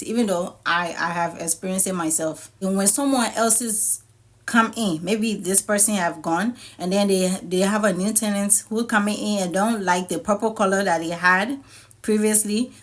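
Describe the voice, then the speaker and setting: A woman with a Liberian accent vlogging casual commentary, scolding and exasperated as she tells stories. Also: mid-range voice. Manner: exasperated, scolding, animated storytelling.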